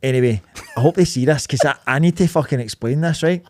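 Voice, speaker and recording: Fast-talking Scottish man telling a story. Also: mid-range voice, no echo. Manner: animated storytelling, swears freely. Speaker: podcast co-host. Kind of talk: casual chat.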